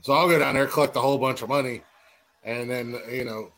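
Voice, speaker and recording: A man's voice: mid-range voice, steady tone, fairly quick, fairly bright tone. A man co-hosts a casual podcast in an ordinary mid-range voice. He banters in a laid-back way, dropping curses offhand as he describes how he plays. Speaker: podcast co-host. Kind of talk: casual chat.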